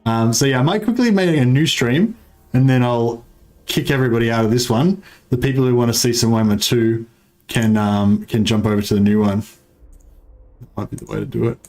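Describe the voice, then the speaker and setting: A man's voice: medium pitch, fairly quick, darkish tone. A man streaming a game live, chatting casually and rambling, with many fillers as he reads his chat aloud.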